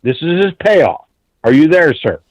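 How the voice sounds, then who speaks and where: A man's voice: fairly high pitch, very animated, normal speed, no room sound, muffled recording. A man calling in to a talk show, telling a long story in an intense, rambling way and swearing often. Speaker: caller.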